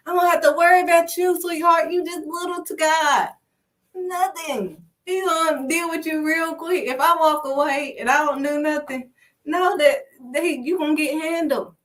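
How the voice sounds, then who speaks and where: A woman with a high voice gives a casual, emphatic faith talk. She punctuates each point with a firm "period" and calls her listeners honey and sweetheart. She sits a little back from the microphone. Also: moderate pace, far from the mic, noisy background. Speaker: faith speaker. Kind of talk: casual preaching monologue.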